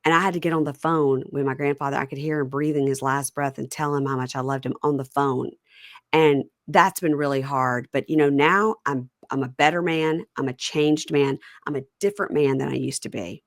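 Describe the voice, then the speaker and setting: A middle-aged woman hosting a casual podcast chat, retelling a reality show scene by scene and acting out the quotes in a higher voice. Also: steady tone, a little fast, no echo, studio quality. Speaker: podcast host.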